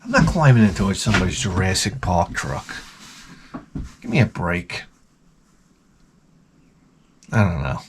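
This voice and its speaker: A middle-aged man hosting a show, ranting in a crude, rambling comic style with lots of swearing, often jumping into high mocking voices. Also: huge pitch swings, a little slow, pauses often, noisy background. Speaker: podcast host. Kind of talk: crude comedic rant.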